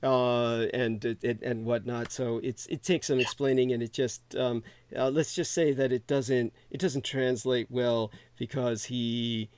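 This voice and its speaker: A man hosting a call-in talk show, rambling and halting with many restarts. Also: medium pitch, flat delivery, darkish tone, clear, resonant tone, no room sound. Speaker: podcast host. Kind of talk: casual call-in chat.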